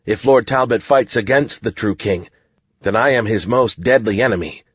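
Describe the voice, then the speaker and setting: A bold young wizard speaks firmly and with assurance, as a male narrator puts him on. The voice is husky and dry, on a dull, lo-fi recording. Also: on the low side, moderate pace, no echo.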